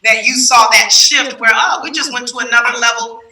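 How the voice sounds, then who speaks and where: A woman hosting a casual talk about marriage, telling a story in an animated way and laughing as she tells it. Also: a little high, fairly quick, roomy sound, recorded from a distance, rough recording. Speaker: host.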